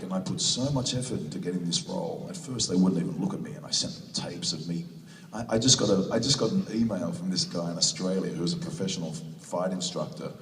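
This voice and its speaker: A man with a New Zealand accent and a very deep voice spins laughing, rambling stories with many restarts. He sounds distant, in a long-echoing convention hall with noise around him. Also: a bit bright. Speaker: convention panel guest. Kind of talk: casual storytelling Q&A answer. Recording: echoey hall recorded from far off.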